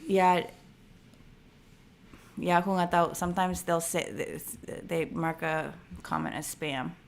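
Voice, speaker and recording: A woman's voice: on the low side, unhurried. A woman from Canada hosting a casual live stream, thinking aloud and reading viewer comments. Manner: chatty, thinks aloud with fillers. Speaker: livestream host.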